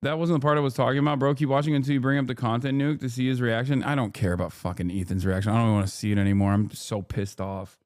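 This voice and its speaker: On a reaction-video stream, a man rants heatedly and profanely in a steady, mid-range voice, rapid-fire with few pauses. The studio sound is clean with no echo, and he keeps firing off indignant rhetorical questions as casual commentary.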